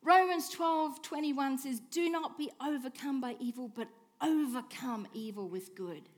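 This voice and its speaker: A woman preaching a sermon, asking rhetorical questions and swinging between hushed and emphatic lines. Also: high voice. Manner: expressive, swings from soft hush to emphatic declaring; slow, deliberate delivery with rhetorical questions.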